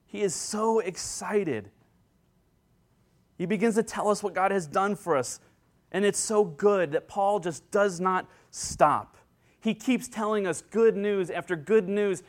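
A man preaching a sermon as pastor, earnest and excitable, acting out joyful quotes, speaking into a handheld microphone. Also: high voice, a little slow. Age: adult with children.

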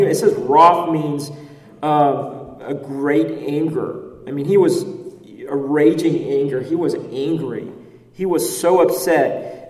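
A man's voice: fairly high pitch, mellow. Preacher man heard from far off in an echoey hall. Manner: explains in short repeated phrases and checks in with "okay?" and "right?". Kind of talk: sermon with scripture reading.

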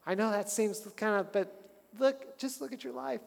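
A man with a notably high voice preaches a sermon, rising into animated bursts and asking the congregation to speak along. His words ring out with the long reverb of a large hall. He sounds like a pastor at the pulpit. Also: normal speed, creaky. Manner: animated, calls the congregation to respond.

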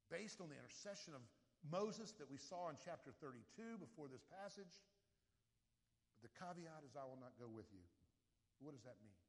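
A man preaching a sermon as pastor, telling stories with sudden loud and quiet swings. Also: on the high side, in a large hall.

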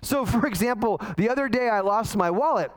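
A man in his forties gives a casual, story-driven sermon in a notably high voice. He rambles and restarts, poking fun at himself as he goes. The tone stays friendly and loose rather than formal. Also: lively intonation, a little fast, rough recording. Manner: chatty storytelling, self-deprecating, restarts often. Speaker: pastor. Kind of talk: conversational sermon.

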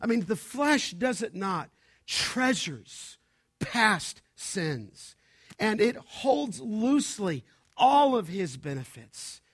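Slow, high-voiced preaching man. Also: sing-song, slightly rough. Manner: slow, emphatic preaching that swells to loud declarations. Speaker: pastor. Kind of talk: sermon.

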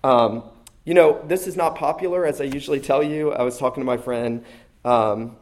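A man delivering an emphatic sermon to his congregation. He speaks earnestly and comes back again and again to his main phrases. His voice sits at an everyday middle pitch. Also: moderate pace. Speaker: pastor.

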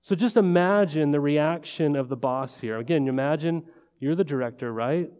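A male pastor preaching in a relaxed, talky way, pitched a little high for a man but with a warm, mellow tone. He keeps checking in with the room through rhetorical questions. The sound hangs in the long reverb of a large church hall. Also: normal speed, clean tone. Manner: conversational, full of rhetorical questions and "right?". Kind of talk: sermon.

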